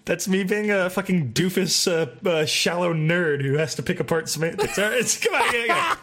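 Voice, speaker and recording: A man in casual chat, animated and laughing a lot, swearing freely. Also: high voice, moderate pace. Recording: noisy with clicks.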